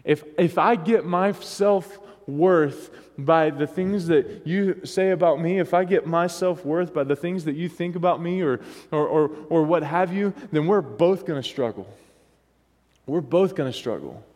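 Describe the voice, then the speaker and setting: A man's voice: a little high, unhurried, a little mellow. A man preaching a sermon as pastor, talking casually and often asking the congregation for responses. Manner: conversational, asks the congregation for responses. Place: church. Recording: long hall reverb.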